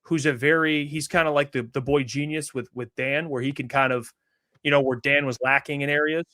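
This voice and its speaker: A man's voice: fairly high pitch, steady tone, fairly quick, sharp tone. A man hosting a sports talk show, giving blunt, skeptical opinions in casual chat with frequent restarts.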